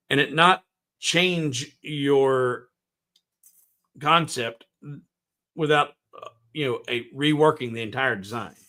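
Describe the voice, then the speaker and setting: This is a man hosting a casual live tutorial from a home workshop, his voice pitched a touch above most men's. He rambles in a folksy, unhurried way. He hums little tunes to himself while working and reads viewer comments aloud before answering them. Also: sharp tone. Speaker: woodworking livestream host.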